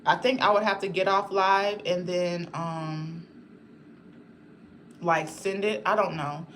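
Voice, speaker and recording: A woman's voice: on the low side, steady tone, slow pace, a bit bright, slight background noise. A woman chatting casually on a livestream, rambling and talking straight to her viewers in a blunt, outspoken way.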